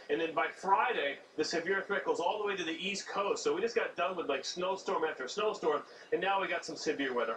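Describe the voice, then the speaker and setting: A man presenting the weather forecast on a morning show in a quick, casual way. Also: fairly high pitch, fairly bright tone. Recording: roomy studio, distant mic, noise.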